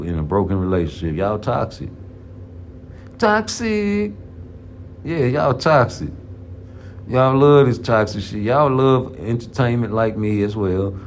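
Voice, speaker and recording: A boxing vlogger delivers casual, trash-talking commentary, profane, rambling and heavy on slang. His voice is lowish and a little mellow, with a slight hiss or hum on the audio.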